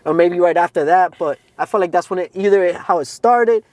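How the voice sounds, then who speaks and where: A man with a fairly high voice shares his testimony on a podcast. He speaks earnestly and casually, filling his story with "like" and "man". The sound is close and dry. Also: fairly quick, a little mellow, no echo. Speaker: podcast co-host.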